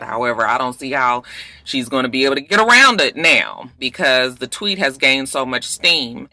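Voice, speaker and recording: A woman hosting a celebrity gossip show, talking bluntly and casually with plenty of slang and swearing, moving from somber news to excited retelling. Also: rumbling low, no echo.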